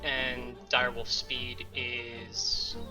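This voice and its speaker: A man's voice: medium pitch, flat delivery, very slow, over music. A man playing a tabletop game, talking casually, loose and swearing freely. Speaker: player.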